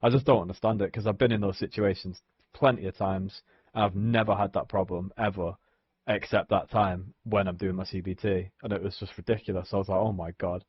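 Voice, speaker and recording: A man's voice: low voice, steady tone, brisk, husky, dry recording, dull audio. A young man, ranting casually on a live stream, swearing and saying "like" a lot. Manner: frustrated ranting, heavy swearing, many "like"s. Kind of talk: casual chat.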